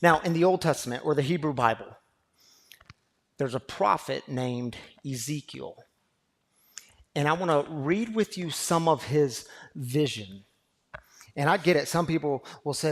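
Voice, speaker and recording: A man, pastor of a recovery community, preaching a sermon that moves from quiet storytelling to loud, fervent exhortation. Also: on the high side, expressive, unhurried, long pauses.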